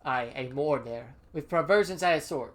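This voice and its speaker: A timid talking tree from a fantasy video game speaks in stiff, archaic phrasing and denies everything, read aloud by a streamer. The voice sits at a middling pitch and stays close to an everyday speaking voice. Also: moderate pace, lightly acted. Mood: wary. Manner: archaic, formal speech with pleading denials. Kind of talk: reading game dialogue aloud.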